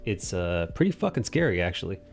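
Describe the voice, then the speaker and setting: A young man hosting a casual anime discussion podcast, recapping scenes animatedly and jumping into quick character voices. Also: sits low, big pitch swings, vocal fry, soft background music. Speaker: podcast host.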